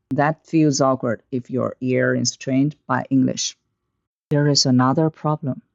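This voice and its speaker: A man teaching Mandarin pronunciation in a slow, deliberate, instructive scripted lesson. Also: medium pitch, vocal fry, no room sound. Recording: dull, slightly lo-fi, dry sound.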